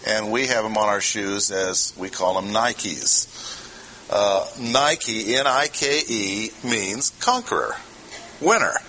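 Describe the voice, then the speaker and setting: A man's voice: lowish voice, slow, sharp tone, slight background noise, rough recording. A man preaching an expository sermon, talking conversationally and putting questions to the congregation. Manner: conversational, asks the audience questions. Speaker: pastor.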